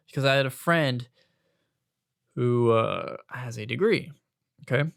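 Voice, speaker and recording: A young man hosting his own podcast, ranting casually about retail work and college. He swings between loud outbursts and hushed asides. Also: mid-range voice, slow pace, vocal fry, pauses often, dry recording, clean studio sound. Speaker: podcast host.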